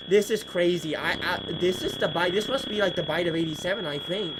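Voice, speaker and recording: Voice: medium pitch, a little fast, noisy background. A streamer giving playful, jokey gameplay commentary while talking to viewers. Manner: playful, jokey, talks to chat.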